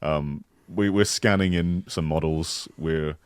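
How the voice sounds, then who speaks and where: A man co-hosting a podcast, playfully improvising a mock game pitch in casual chat. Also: steady tone, clean tone, no echo, clean studio sound. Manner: playful, joking improv pitch with quick voice switches.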